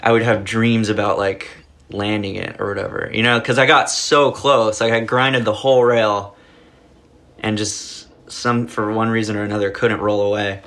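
A man's voice: fairly low pitch, little pitch movement, normal speed, fairly bright tone. A young man telling a long story in casual chat, rambling with lots of filler words and cursing. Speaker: podcast guest.

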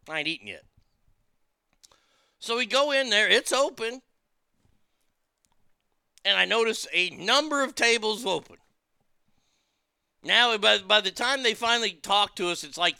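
Stammering high-voiced man ranting. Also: sharp tone, no echo, studio quality. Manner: stammering, repeats words, swears often. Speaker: streamer telling a story. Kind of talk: profane storytelling rant.

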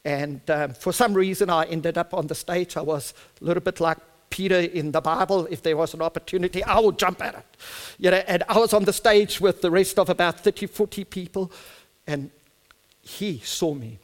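A man's voice: a little high, big-room sound. A middle-aged man with a South African accent, an Afrikaans speaker, preaching a sermon with fervent delivery that builds to emphatic peaks.

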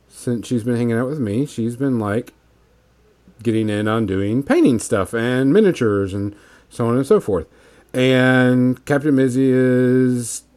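A man co-hosting a casual podcast stream, talking loosely with many fillers while he paints miniatures. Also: mid-range voice. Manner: relaxed, rambling, many fillers. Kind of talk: casual livestream chat.

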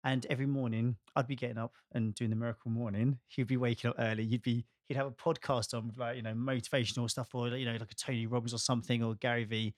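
A man's voice: mid-range voice, level tone, fast talker, few pauses, dry recording, clean studio sound. A man chatting as a friend and co-host, speaking encouragingly and supportively. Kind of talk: casual podcast conversation.

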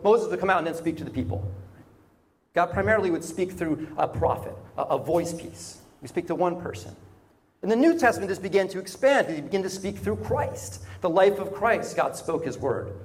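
A man preaches in a loose, conversational way, tossing in "right?" and restarting his phrases. His voice sits notably high for a man. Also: animated, brisk. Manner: conversational, frequent "right?" and repeated words. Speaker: pastor. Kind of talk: sermon.

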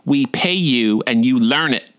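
A man's voice: mid-range voice, animated, a little slow, fairly bright tone. A man voicing a catty choir tenor, whispering with syrupy disdain in a put-on Southern drawl.

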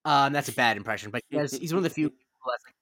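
A man's voice: mid-range voice, rapid-fire, bright, forceful tone, dry recording, clean studio sound. A man co-hosting a podcast in casual chat, rambling and opinionated with frequent restarts. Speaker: podcast co-host.

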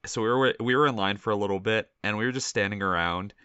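A man's voice: fairly low pitch, fast, bright, forceful tone, smooth, no echo, dull audio. A man chatting casually as a podcast co-host, recalling events in a rambling way with fillers. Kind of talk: casual chat.

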